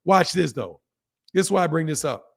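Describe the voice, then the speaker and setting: Livestream boxing host, hoarse man, a bit high-pitched, talks straight at chat and repeats himself. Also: expressive, a little fast. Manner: reads out chat comments. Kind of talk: casual livestream commentary.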